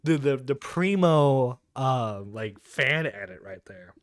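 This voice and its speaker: A man's voice: mid-range voice, expressive, takes it slowly, no echo, studio quality. A man on a played reaction stream, laid-back and sarcastic, leaning on "dude" and filler words.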